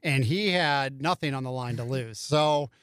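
A man's voice: mid-range voice, normal speed, a bit bright, smooth, dry recording, clean studio sound. A middle-aged man telling a story in a casual chat, and he acts out other people's lines in raised voices. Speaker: podcast guest.

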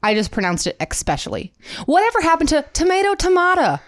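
A woman in her thirties with a Midwestern American accent, co-hosting a casual chat and telling animated stories with frequent laughs. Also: on the high side, fast talker, no echo, clean studio sound. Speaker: podcast co-host.

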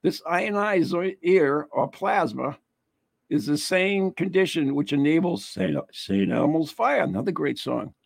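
A man with a gravelly, husky voice hosts a casual chat, reading an article aloud with lively rises and falls in pitch. He stumbles and adds jokey asides. The sound is close and dry. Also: no echo. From United States. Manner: reads aloud haltingly with frequent laughs and asides. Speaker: host.

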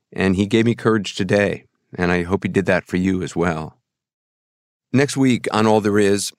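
A man hosting a podcast, reading scripted narration in a measured, earnest way. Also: low voice, no echo, clean studio sound. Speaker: podcast host.

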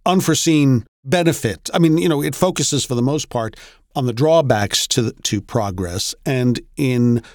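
A man's voice: mid-range voice, normal speed, dry recording. Man, podcast host, casual discussion, thoughtful, dry close mic. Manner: thoughtful, searching for words.

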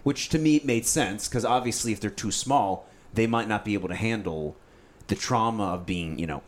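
A man telling a fishing story in casual chat, animated and often saying "dude.". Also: on the low side, normal speed.

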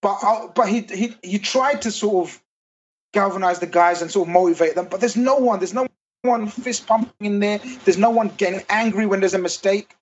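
A man talking football in a casual, animated chat, swearing and ranting. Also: high-pitched, brisk, lo-fi sound. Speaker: football podcast panelist.

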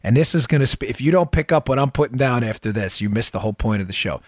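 A man's voice: medium pitch, animated, fast, darkish tone, no echo, studio quality. A man hosting a podcast, giving emphatic, sarcastic political commentary and repeating phrases for effect. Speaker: podcast host.

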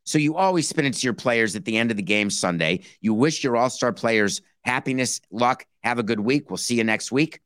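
A man's voice: mid-range voice, animated, brisk, hardly any pauses, a bit bright, clean tone, no room sound, studio quality. A man hosting a solo sports podcast, talking animatedly and rhetorically, acting out imagined phone calls between executives. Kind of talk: casual solo sports commentary.

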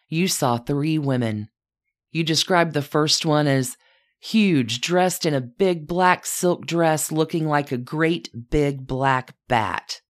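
A woman narrating a scripted story in a measured way, speaking directly to her subject as "you". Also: a bass voice. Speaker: podcast narrator.

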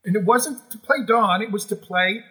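High, bright-voiced animated male storyteller. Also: moderate pace, husky, low-quality recording. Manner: animated, emotional storyteller with many restarts. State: moved to tears at times. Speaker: musical theatre performer, guest. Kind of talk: casual interview storytelling.

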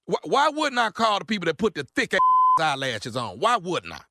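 A man's voice: sits high, huge pitch swings, brisk, bright, forceful tone, no room sound, studio quality. A man making a prank call, angry, drawling and repetitive, with cursing. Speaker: prank caller. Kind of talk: heated prank-call argument.

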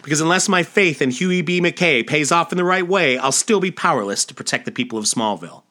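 A man's voice: on the high side, expressive, brisk, sharp tone, pitched above the performer's own voice. A man voicing an earnest young superhero who speaks in dramatic declarations.

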